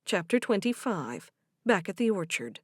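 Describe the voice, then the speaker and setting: Brief: female audiobook narrator, animated but measured, dry close mic. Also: mid-range voice, no room sound. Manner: even, measured storytelling. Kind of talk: scripted narration.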